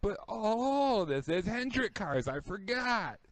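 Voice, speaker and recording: Male co-host, animated ranter, high voice that swings a lot, quick outbursts. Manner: animated ranting with stumbles and exclamations. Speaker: podcast co-host. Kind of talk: casual podcast commentary.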